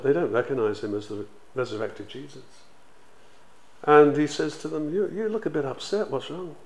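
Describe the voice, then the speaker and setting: A man teaching in a sermon, conversational and animated, retelling stories with acted quotes. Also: mid-range voice. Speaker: preacher.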